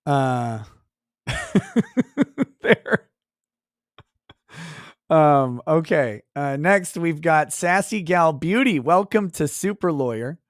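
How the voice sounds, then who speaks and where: A livestream host reads chat aloud and launches into profane mock rants at the chatters. His slightly high voice is expressive but extremely slow, with long pauses, captured in a dry, clean studio recording.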